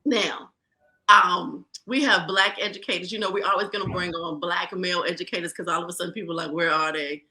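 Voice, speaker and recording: A woman with a Southern accent from rural Virginia, hosting a podcast in a lively, folksy, chatty way. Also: lowish voice, fast talker. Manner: lively, folksy, talks straight to listeners. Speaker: podcast host. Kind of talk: casual podcast chat.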